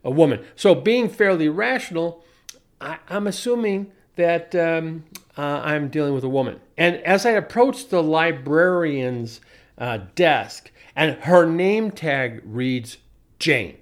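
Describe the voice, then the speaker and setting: A man in his forties giving a sardonic storytelling monologue, wry and deliberate, often restarting his sentences and adding asides. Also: on the high side, lively intonation. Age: 40s. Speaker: commentator.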